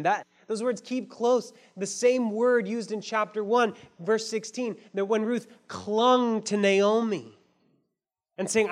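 A man's voice: high-pitched, animated, unhurried. A man preaching a sermon, emphatic and rising in force for his key points. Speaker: pastor.

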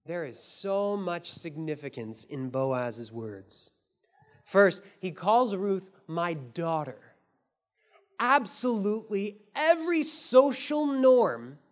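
Man, high-pitched voice, preaching, emphatic, swells on key points. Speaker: pastor. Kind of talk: sermon.

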